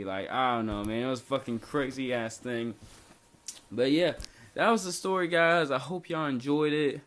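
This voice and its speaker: A man's voice: mid-range voice, normal speed, fairly bright tone. A young man vlogging a casual storytime, rambling and laid-back, with lots of "like" fillers.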